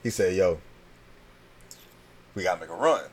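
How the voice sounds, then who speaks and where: Animated man telling a wild story. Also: deep voice, normal speed, slight background noise. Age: 30s. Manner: animated, acts out voices, swears freely. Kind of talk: casual storytelling chat.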